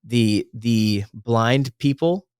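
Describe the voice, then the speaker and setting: Speaking extremely slowly in a clean, mid-range voice, a faith podcast co-host chats earnestly, wandering off track and correcting himself along the way. The recording is dry and studio quality.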